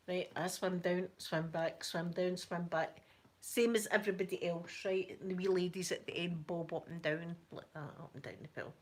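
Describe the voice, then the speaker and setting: A woman's voice: on the low side, normal speed. Chatty Scottish woman telling a story. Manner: chatty, animated, with frequent laughter and soft asides. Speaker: ASMR channel host. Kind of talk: casual storytelling.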